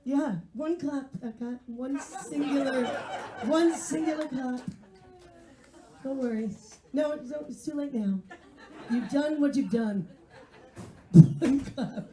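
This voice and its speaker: A woman in her forties doing stand-up. Her voice sits high but has a dark, mellow tone. She sounds wry and self-mocking as she banters with the crowd, and the recording carries a roomy echo. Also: takes it slowly, pauses often, a little hiss or hum. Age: 40s. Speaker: stand-up comedian and English teacher. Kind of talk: stand-up comedy set. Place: live comedy venue.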